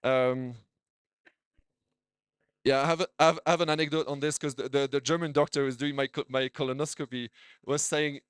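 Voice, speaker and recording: A man's voice: mid-range voice, fairly even intonation, a little fast, pauses often, clean tone, dry recording. A man, a doctor, giving a conference talk with slides, chatty, with many restarts and repeated words. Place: conference hall.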